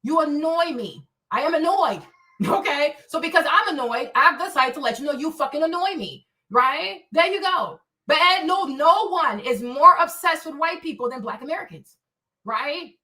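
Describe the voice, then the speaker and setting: A woman's voice: high voice, animated, normal speed, pushed and bright. A woman from Africa hosting a livestream, ranting bluntly and profanely and tagging lines with "right?", on a slightly distant mic. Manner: blunt, profane, confrontational, keeps asking "right?". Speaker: livestream host. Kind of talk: solo ranting commentary.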